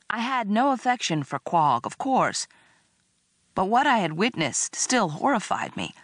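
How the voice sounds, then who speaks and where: A woman narrating a storybook in the first person, wry and expressive. Her delivery is unhurried and her pitch moves a lot, sitting a little low. The sound is dry and close. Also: no echo. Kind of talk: audiobook narration.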